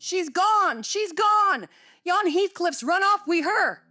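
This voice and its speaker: Brief: breathless young maid, high and shrill, words tumbling out in panic. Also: female voice, lively intonation, takes it slowly, pushed and bright, faint music behind, exaggerated voice. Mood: panicked. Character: panicked young servant girl, breathless, rustic.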